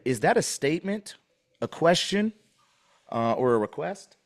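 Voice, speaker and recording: A man's voice: medium pitch, lively intonation, measured pace, pauses often. A man questioning an officer in a deposition, pointed and pressing, repeating his questions.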